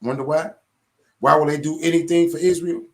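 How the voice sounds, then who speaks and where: Man from Detroit, slightly high voice. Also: fairly even intonation. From Detroit, USA. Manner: loose, repetitive, builds his argument slowly. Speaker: podcast co-host. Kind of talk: casual live-stream chat.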